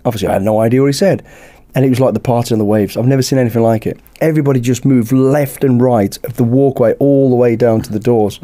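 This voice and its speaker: A British man, a podcast guest, telling a lively anecdote in casual chat and acting out the dialogue. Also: medium pitch, quick pace, hardly any pauses. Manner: lively anecdote-teller who acts out dialogue. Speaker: podcast guest, former bodyguard.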